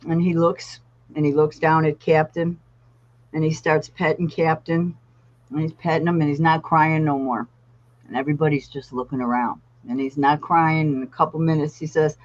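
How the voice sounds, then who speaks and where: A woman guest, a therapy dog trainer, telling animated stories on a podcast. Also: low voice, normal speed, highs cut off. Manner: animated storyteller acting out voices. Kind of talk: podcast storytelling.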